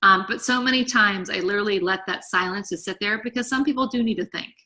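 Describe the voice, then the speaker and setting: Chatty woman coaching her team on a call, bright tense voice, talks a lot. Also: mid-range voice, quick pace. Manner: chatty, eager, encouraging. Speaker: team leader. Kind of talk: coaching talk on a group call.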